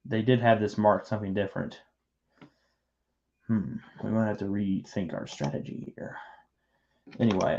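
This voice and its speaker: A man's voice: medium pitch, a little mellow. A man hosting a livestream, chatting casually and teasing his co-host while building, with rambling talk and frequent restarts. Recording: muffled lo-fi stream audio.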